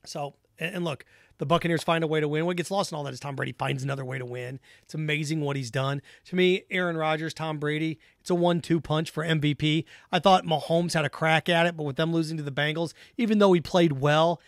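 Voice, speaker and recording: Hosting a solo sports talk show, a man with a high, bright voice argues his opinions emphatically and repeats key points to drive them home. He talks fast with fairly even intonation. The recording is dry and close, with no room sound.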